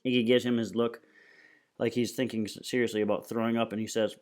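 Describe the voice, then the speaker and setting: A man's voice: mid-range voice, fast talker. Man reading a novel aloud. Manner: plain, steady storytelling. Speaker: reader.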